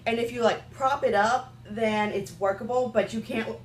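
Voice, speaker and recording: A woman's voice: a little high, steady tone, moderate pace, reverberant, a little hiss or hum. A young woman reviewing makeup in a chatty, rambling way, full of "like" and "um". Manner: chatty, rambling, filler-heavy with "like" and "um". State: has the hiccups. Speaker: beauty vlogger. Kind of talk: casual product review.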